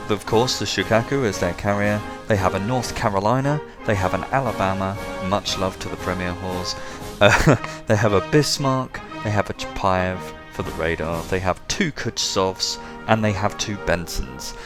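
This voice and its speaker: A low-voiced English man hosts a casual commentary over a game replay. He keeps it chatty and slips in joking asides as he talks through the action. Music plays clearly beneath his voice the whole time. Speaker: game commentator and show host.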